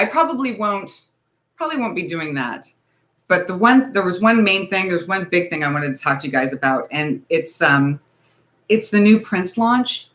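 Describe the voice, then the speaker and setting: At home under a ring light, a woman in her forties hosts a casual beauty livestream. Her voice is lowish and a little bright, and she talks in a nervous, rambling, hedging way.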